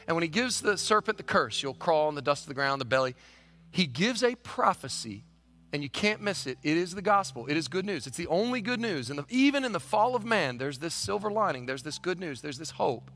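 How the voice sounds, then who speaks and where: A male pastor delivering a sermon in a high, bright, ringing voice. His pitch leaps all over the place as he moves from near-whispered passages up to shouted climaxes. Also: sing-song, brisk. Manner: swings from hushed to shouted, very dynamic.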